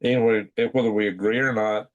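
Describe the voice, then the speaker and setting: A man's voice: on the low side, steady tone, fast, muffled recording. A sleepy man, hosting a casual late-night livestream, chuckling and reading chat aloud in a folksy drawl. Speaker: livestream host.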